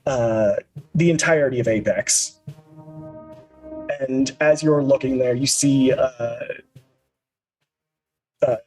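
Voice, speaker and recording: A man running a tabletop game as game master, narrating the action at a middling pitch. He pauses and hesitates often. Faint music plays underneath. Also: a little mellow, rough recording. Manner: hesitant, many fillers.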